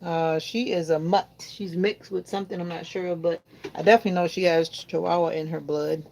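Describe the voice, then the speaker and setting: A woman's voice: lowish voice, steady tone, a little fast, vocal fry, a little mellow, a little hiss or hum. Chatty woman vlogging at home. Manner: chatty, rambling, talks to viewers. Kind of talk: casual chat while doing chores. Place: home in Florida.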